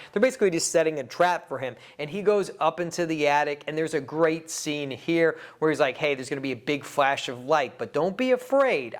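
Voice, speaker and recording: A man giving a casual, enthusiastic film review, rambling a little and laughing often. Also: fairly high pitch. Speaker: movie reviewer.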